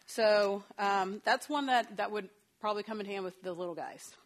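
A woman's voice: mid-range voice, moderate pace. A woman counselor giving a talk on parenting, telling stories from her own family in a chatty way and acting out the dialogue. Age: adult parent of a young child.

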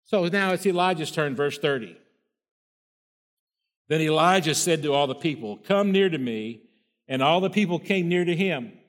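A man's voice: fairly high pitch, lively intonation, moderate pace, pauses often. A man preaching a sermon, reading scripture aloud and breaking in with folksy asides and rhetorical questions. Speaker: pastor.

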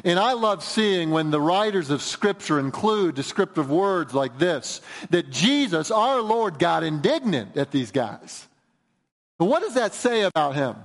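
A male pastor preaching an earnest, emphatic sermon in a church, moving between raised and hushed delivery. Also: high-pitched, big pitch swings, measured pace. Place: church sanctuary. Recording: reverberant church hall.

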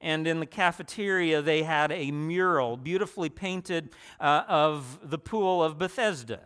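A man delivers a sermon in a relaxed, conversational way. His voice sits slightly high for a man, and he often backs up to restart a phrase or drops in a personal aside. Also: unhurried, smooth. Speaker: preacher.

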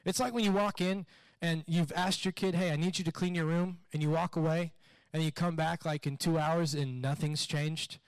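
A man preaching a sermon in a conversational, animated way, retelling a story and repeating questions. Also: fairly high pitch, normal speed, clean tone, dry recording. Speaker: pastor.

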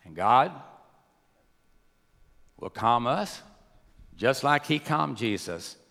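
Bright-voiced preacher in an echoing church. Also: male voice, mid-range voice, animated, very slow, gravelly. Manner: preaching with wide swings from soft to loud. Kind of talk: sermon. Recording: long hall reverb.

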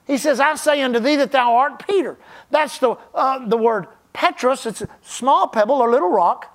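A male pastor delivering a sermon in a high voice. He leans hard on key phrases and draws them out, then sinks to a near-hush for the quieter points. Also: normal speed. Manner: emphatic preaching, stretching key phrases and dropping to a hush.

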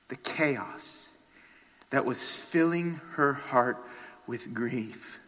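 A man delivers a sermon at a deliberate, unhurried pace, his voice bright and forceful. He moves between hushed passages and loud, charged ones as he tells the story. Long reverb trails after every phrase, as in a large hall. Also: medium pitch. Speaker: pastor.

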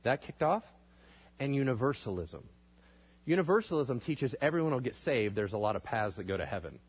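A man teaching a history class in a lively lecture style, asking the class questions and acting out quotes in exaggerated voices. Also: medium pitch, a little fast, husky, dull audio.

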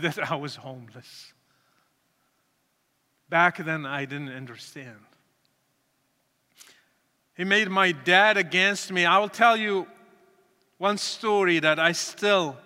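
A man's voice: a little high, sharp tone, big-room sound. A man from Morocco, telling his own story in an earnest, emotional sermon testimony with many repetitions. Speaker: speaker giving his testimony.

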